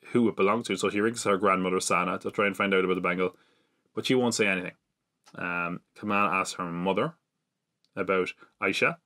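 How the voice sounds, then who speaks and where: A male podcast host with a lowish, sharp-toned voice chats casually through an episode recap, packing it with fillers and self-mocking asides.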